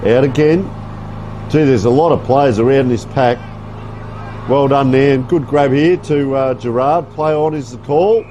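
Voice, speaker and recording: A man's voice: mid-range voice, measured pace, warm tone, a little hiss or hum. A man giving folksy, chatty live play-by-play commentary on a local football game. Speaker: sports commentator. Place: outdoor football ground.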